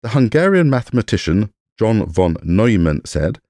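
Podcast guy, deep voice, lively ups and downs, dry jokes. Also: moderate pace, dry recording. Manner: dry humor with jokey asides. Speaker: podcast host. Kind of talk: scripted science narration.

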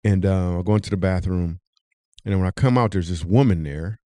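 Animated storytelling man, dry sound. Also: fairly quick, no room sound. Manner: animated, jumps high when telling the punchline. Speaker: comedian and podcast host.

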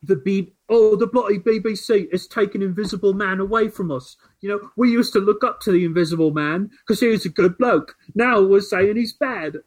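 A man's voice: sits high, moderate pace, hardly any pauses, pitched above the performer's own voice, poor audio. A man putting on a British accent to voice an indignant right-wing man grumbling about a film.

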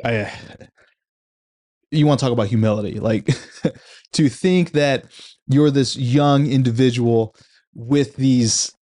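A man talks through a book he loves in a loose, reflective way. His voice sits at an ordinary pitch, and he often restarts his sentences mid-thought. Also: a little mellow. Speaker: book reviewer. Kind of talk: casual book commentary.

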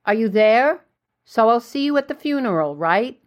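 A woman's voice: on the high side, animated, normal speed, dull audio, close to an everyday voice. A woman voicing an adult sister who insistently presses grim family news, with a scolding tone. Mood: exasperated. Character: exasperated adult sister delivering bad news.

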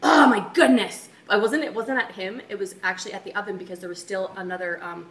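A woman co-hosting a marriage talk, telling personal stories in a casual, animated way. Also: medium pitch. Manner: animated, talks through stories with quick asides. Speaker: marriage coach co-host. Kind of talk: casual chat, personal storytelling. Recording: echoey room with faint noise.

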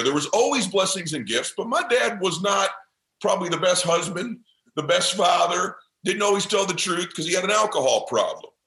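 A man's voice: high-pitched, sharp tone, echoey room, low-quality recording. Intense, passionate middle-aged man. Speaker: podcast guest. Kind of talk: motivational storytelling.

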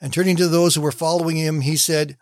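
A man's voice: on the high side, steady tone, fast, no echo, studio quality. Easygoing man hosting a morning devotional. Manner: easygoing, conversational, inviting listeners to relax. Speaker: host of a daily devotional program. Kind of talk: short devotional talk with storytelling.

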